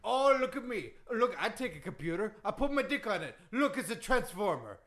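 A man's voice: high-pitched, very animated, brisk, fairly bright tone, exaggerated voice. A man doing an impression of a boastful older male wrestler who speaks broken English and talks crudely, as a comedy bit. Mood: indignant.

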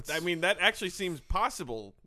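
A man's voice: sits high, sing-song, fairly quick, sharp tone. A man co-hosting a comedy podcast, throwing in sarcastic quips. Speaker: co-host.

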